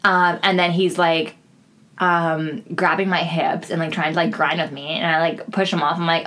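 Low-voiced young woman telling stories. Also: little pitch movement, moderate pace, fairly bright tone. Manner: chatty storytelling, frequent swearing and "like" fillers. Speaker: podcast co-host. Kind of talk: casual chat.

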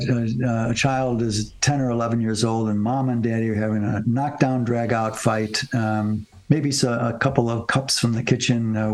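A man with a gravelly, fry-tinged voice, co-hosting a podcast in casual conversation. He rambles and restarts his sentences often, filling gaps with ums and uhs. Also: mid-range voice, darkish tone, low-quality recording. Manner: rambling, many fillers and restarts. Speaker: podcast co-host.

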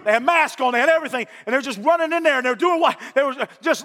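A man preaching a sermon in a church with passion, repeating phrases for emphasis and rising to shouts at the peaks. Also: extremely high pitch, rapid-fire, few pauses. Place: church sanctuary. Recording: long reverb of a church hall.

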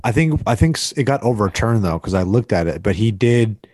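A man co-hosting a podcast chat, slangy and playful, stopping often on fillers. His pitch swings widely as he talks. The sound is dry and close, with no room echo. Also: animated, a little fast, a little mellow, breathy edge. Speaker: podcast co-host. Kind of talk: casual chat.

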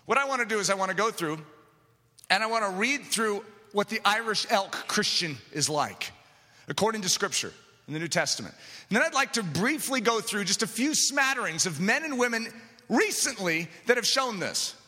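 Impassioned high-voiced male preacher. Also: lively intonation, normal speed. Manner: impassioned, builds to shouting. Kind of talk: sermon. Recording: reverberant hall.

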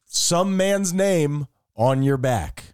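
A man's voice: fairly high pitch, expressive, drawn-out words, a little mellow, clean tone, no room sound, clean studio sound. A man co-hosting a comedic chat show with his brother, joking and playful. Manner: jokey, playful sung intro. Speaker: podcast co-host.

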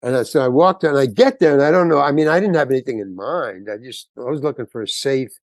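Fast and mid-range in pitch, an older man who's a guest actor on an interview show acts out quotes as he animatedly tells a long anecdote, imitating the voices of its characters. The sound is dry.

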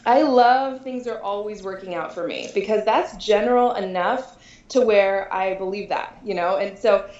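A woman's voice: medium pitch, normal speed, darkish tone, roomy sound, lo-fi sound. A woman being interviewed as a dating coach, chatting casually, laughing often and restarting her sentences. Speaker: podcast guest, dating coach.

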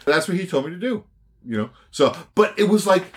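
A man telling a long, profane story in casual chat, loud and animated. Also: high-pitched, fairly quick. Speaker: podcast co-host.

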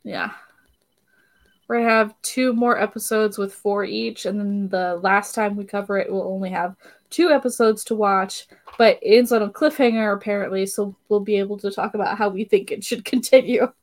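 A woman's voice: medium pitch, steady tone, normal speed. A young woman co-hosting a podcast in casual chat, retelling scenes and laughing often. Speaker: podcast co-host.

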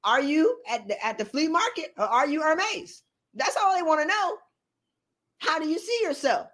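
A woman hosting a podcast, giving a motivational talk in an animated, playful, colloquial way. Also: high voice, normal speed. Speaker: podcast host.

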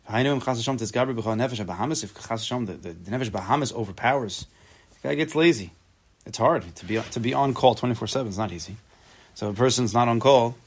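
Here is a man leading an informal Torah class in a conversational tone. He stops to repeat himself while searching for words and drops in playful asides. He works through the text line by line, translating as he goes, at an average pitch for a man. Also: breathy edge. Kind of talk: casual spoken Torah class.

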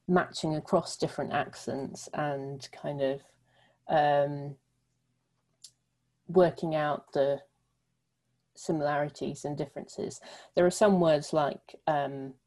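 Low, mellow woman explaining phonics. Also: poor audio. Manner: thoughtful, filler-heavy explaining. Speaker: literacy researcher guest. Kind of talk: explanatory interview answers.

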